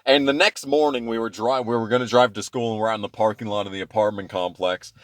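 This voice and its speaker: A man in his twenties telling childhood stories in a casual, profane, rambling way, swinging between loud rants and low mutters. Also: steady tone, fast, dry recording. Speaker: channel host. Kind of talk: casual storytime monologue.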